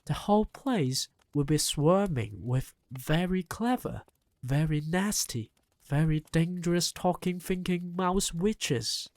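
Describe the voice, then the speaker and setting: Slow, expressive audiobook reader. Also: medium pitch, no room sound. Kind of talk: first-person novel narration.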